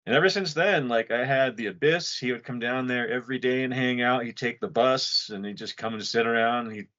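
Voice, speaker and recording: A man's voice: mid-range voice, fairly quick, sharp tone, lo-fi sound. A man co-hosting a podcast, grieving a friend, telling rambling, profane stories in casual chat. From Utah. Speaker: podcast co-host.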